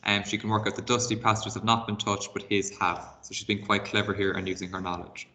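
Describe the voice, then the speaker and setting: Male teacher, story read-aloud for children, lowish voice, bright clear tone, explains as he goes. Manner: expressive read-aloud, pausing to explain words and give reading tasks. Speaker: primary school teacher. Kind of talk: reading a novel aloud for a class video lesson.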